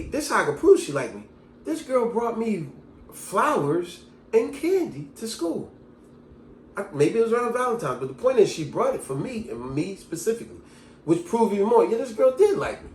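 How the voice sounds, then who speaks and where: A man vlogging, telling personal stories in a casual, animated monologue. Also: high voice, a little hiss or hum. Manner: animated storyteller, lively delivery. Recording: echoey room.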